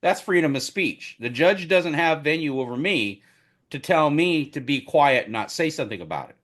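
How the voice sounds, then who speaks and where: A man co-hosting a casual podcast chat, telling animated stories about covering a trial, his voice getting loud and booming when he gets excited. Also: normal speed. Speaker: podcast co-host who covered a trial as media.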